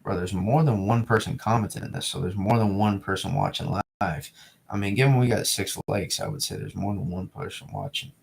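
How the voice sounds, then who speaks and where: A young man from New England rambles through a casual live stream, talking straight to his chat and often repeating himself. His voice sits very low with a gravelly, fried edge. It has a loose, offhand flow. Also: lively intonation, brisk. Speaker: weather streamer.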